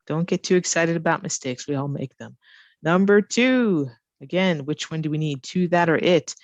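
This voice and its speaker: A woman's voice: deep voice, no echo. A woman teaching English as a second language, patiently walking through grammar exercises and asking the learner questions as she goes. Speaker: ESL teacher. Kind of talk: grammar lesson walkthrough.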